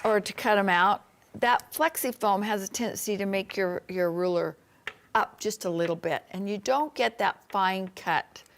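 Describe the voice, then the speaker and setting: A woman's voice: mid-range voice, moderate pace. A woman co-hosting a live quilt-shop sewing demo, reading out viewer comments and explaining cutting tips.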